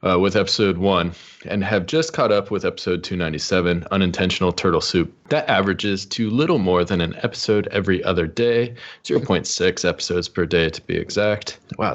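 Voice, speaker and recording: A man co-hosting a podcast, reading a listener's email aloud in a plain, steady way. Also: low voice, fairly quick. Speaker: podcast co-host. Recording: dull, lo-fi.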